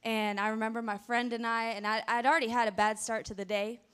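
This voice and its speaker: Woman, guest preacher, fairly high and smooth voice, chatty and animated storytelling, handheld mic in church. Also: fast. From American South. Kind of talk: storytelling sermon. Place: church sanctuary before a congregation. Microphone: handheld microphone.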